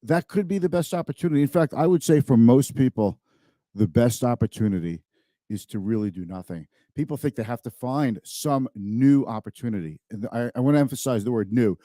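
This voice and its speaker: A man's voice: mid-range voice, lively intonation, brisk, warm tone, no room sound, clean studio sound. A man hosting a live-streamed finance talk show, speaking conversationally and emphatically, often repeating words.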